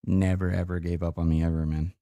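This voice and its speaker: A man's voice: low voice, little pitch movement, fast, warm tone, no room sound. A tired young man streaming live, chatting casually on a call with his grandmother, swearing often and laughing easily.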